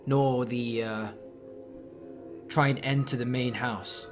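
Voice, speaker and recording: Game master, male, mid-pitched, casual rambling narration over a music bed. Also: steady tone, slow pace. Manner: loose, filler-heavy narration. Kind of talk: narrating a horror tabletop game.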